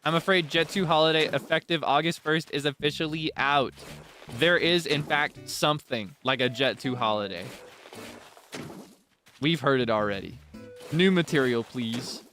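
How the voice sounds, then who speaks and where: A man streaming a life-sim game, chatting playfully and dramatically, swinging between deadpan asides and giggling. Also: a little high, normal speed. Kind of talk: casual game stream chat. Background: game music.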